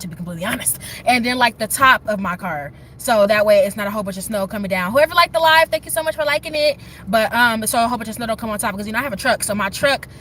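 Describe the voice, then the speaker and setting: A young woman streaming from her phone out in the snow chatters happily and at length to her chat. She sounds bright, slightly high and forceful, and soft outdoor noise drifts in behind her.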